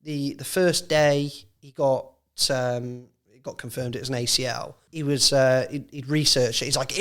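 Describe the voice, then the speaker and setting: This English ex-football physio has a medium-pitched, steady, slightly bright voice and talks at a normal speed with hardly any pauses. On a relaxed podcast, he spins stories about players, chuckling at his own tales.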